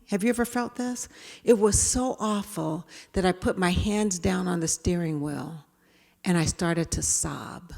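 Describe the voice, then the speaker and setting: A woman speaker giving a talk, telling a personal story with animated voices for herself and others. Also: fairly low pitch, gravelly. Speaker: keynote speaker. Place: large hall. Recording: reverberant hall.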